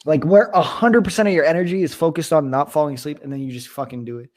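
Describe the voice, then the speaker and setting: A young man in casual chat, animated and profane, often laughing. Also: on the high side, quick pace.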